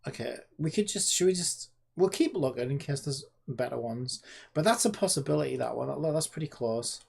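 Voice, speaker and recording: A man's voice: mid-range voice, animated, a little fast, vocal fry, a little mellow, breathy edge. A man chatting sarcastically to himself while developing a game. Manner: rambling, sarcastic, talks to himself. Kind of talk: casual screen-recorded dev vlog.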